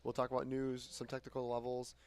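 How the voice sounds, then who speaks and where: A man's voice: medium pitch, completely flat delivery, a little fast, darkish tone, smooth. A man hosting a morning market talk show, thanking a guest and reading out sponsor notes in a loose, filler-heavy way. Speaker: show host. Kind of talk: casual chat.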